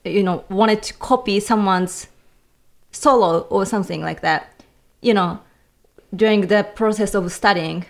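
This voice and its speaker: A woman's voice: mid-range voice, unhurried, gravelly. Japanese-accented woman searching for words. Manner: searching for words, many fillers. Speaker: guest cellist. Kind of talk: casual podcast chat.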